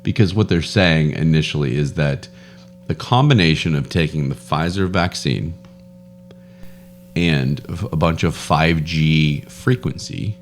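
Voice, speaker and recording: A man's voice: very deep voice, unhurried, slight background noise. A young man hosting a casual podcast, rambling with frequent laughs and stumbles. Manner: rambling, laughs often, stumbles over words. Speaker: podcast host.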